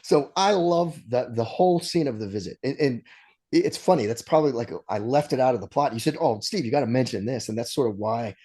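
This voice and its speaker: A man's voice: medium pitch, a little fast, husky. A man co-hosting a casual movie podcast, retelling scenes with laughs and restarts. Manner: animated storytelling with frequent laughs and restarts. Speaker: podcast co-host.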